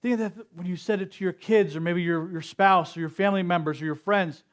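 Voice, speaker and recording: A middle-aged man giving a slow, earnest sermon at a spiritual service, sometimes acting out quotes. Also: high voice, fairly even intonation. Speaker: speaker at a spiritual center service.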